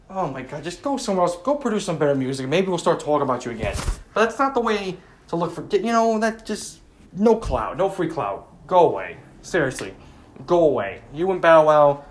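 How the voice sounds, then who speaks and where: A man's voice: a little high, big pitch swings, fairly quick, a little hiss or hum. Rambling, exasperated man reviewing wrestling. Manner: rambling, exasperated, lots of "like" and "you know". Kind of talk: casual commentary recap.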